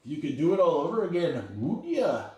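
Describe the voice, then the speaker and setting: A man's voice: fairly high pitch, sing-song, fairly quick, a little mellow, reverberant. A man putting on a spirited heroine in an exaggerated mock Scottish accent as a playful bad impression. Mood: teasing.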